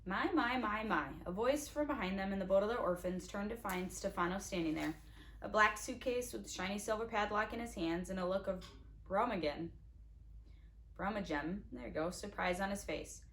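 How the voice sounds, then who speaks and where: A woman reads a chapter of a novel aloud in a relaxed, homemade style. Her voice is mid-pitched, and she stumbles now and then and corrects herself. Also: fairly quick, slight background noise. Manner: casual, with small slips and restarts. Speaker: audiobook reader.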